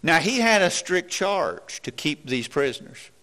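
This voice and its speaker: A man's voice: on the high side, very animated, measured pace, bright, forceful tone. A man preaching a sermon in an earnest, questioning way, with many restarts.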